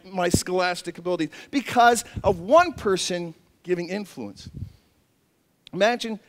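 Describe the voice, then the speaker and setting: A male pastor preaching a sermon, telling animated stories with self-mocking humor. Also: high-pitched, big-room sound.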